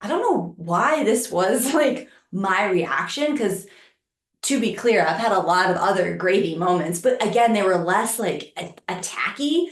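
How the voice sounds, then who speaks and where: A woman co-hosting a podcast, telling a personal story with animated, lively quoted voices. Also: medium pitch, unhurried, reverberant. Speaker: podcast co-host.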